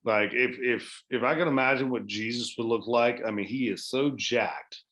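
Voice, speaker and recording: A man's voice: medium pitch, normal speed, a bit bright. A man chatting casually as a podcast guest, rambling with many restarts and swearing freely. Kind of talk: casual chat.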